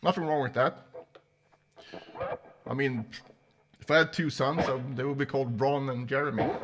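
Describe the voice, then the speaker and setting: A man's voice: mid-range voice, steady tone, normal speed. A man giving a casual livestream guitar lesson, talking loosely, swearing now and then, and counting beats aloud as he plays. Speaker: guitar teacher. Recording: guitar playing loudly behind voice. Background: loud electric guitar.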